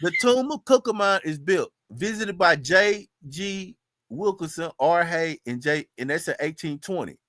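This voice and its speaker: Easygoing caller: a man with a high, bright, animated voice who keeps things calm. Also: measured pace, dry recording. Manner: laid-back, placating, laughs easily. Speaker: guest caller. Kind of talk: casual chat.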